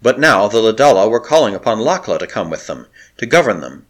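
A man narrating a novel aloud in a dramatic, expressive storytelling manner. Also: lowish voice, brisk. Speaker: audiobook narrator.

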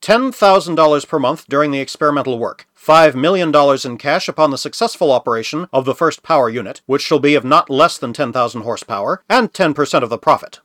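A man's voice: a little high, lively intonation, quick pace, hardly any pauses, a bit bright, dry recording, studio quality. A man reading a novel aloud, voicing a cynical, crooked male scientist who talks in a cold, level way. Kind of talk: audiobook reading.

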